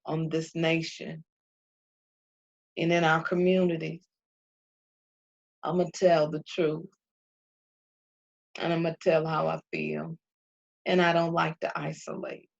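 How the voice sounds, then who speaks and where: A woman's voice: sits low, gravelly, darkish tone. A middle-aged woman giving an emphatic, heartfelt faith talk to her viewers, repeating phrases with a preacher-like cadence. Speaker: faith vlogger. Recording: dull lo-fi recording.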